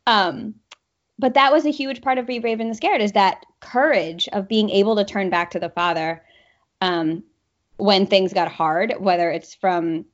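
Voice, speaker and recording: A woman hosting a faith podcast, affirming her guest and often saying "right" and "yeah". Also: fairly low pitch. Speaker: podcast host. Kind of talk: faith conversation. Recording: slightly dull sound.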